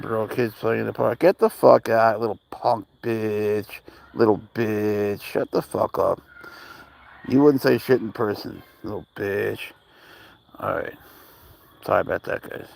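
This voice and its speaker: A man with a gravelly, creaky voice talks off the cuff on a live stream while outdoors in a park. He rambles bluntly and swears freely, answering viewers' messages as he goes. His pitch sits in an ordinary middle range. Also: a bit bright. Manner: answers chat messages aloud. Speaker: livestreamer walking his cat. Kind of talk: casual livestream chat.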